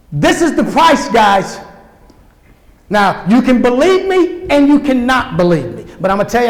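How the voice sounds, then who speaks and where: A man giving a conference keynote, talking emphatically and directly to the crowd in a large hall. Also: high-pitched. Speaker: keynote speaker. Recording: echoey hall reverb.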